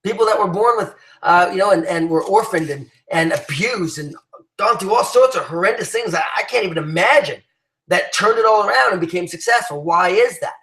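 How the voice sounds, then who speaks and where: A man's voice: sits high, brisk, pushed and bright, echoey room, low-quality recording. A man giving an emphatic motivational talk to his team, rallying them with many restarts and fillers. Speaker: business leader addressing his team.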